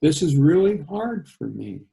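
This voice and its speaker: A man reading a soft, hesitant woman medium. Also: a little high, very animated, unhurried, gravelly, full character voice. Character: gentle adult woman medium, troubled. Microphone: video call.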